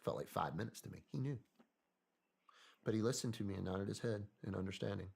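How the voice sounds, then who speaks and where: Man, podcast guest, casual storytelling, hesitant, trails off, deep voice, slight rasp. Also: a little fast. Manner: soft-spoken, hesitant, often trails off.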